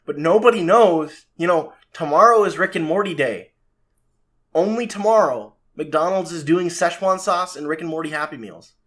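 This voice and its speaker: Joking podcast co-host, fairly high voice. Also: male voice, moderate pace. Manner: joking, teasing banter with deadpan asides. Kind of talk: casual podcast chat.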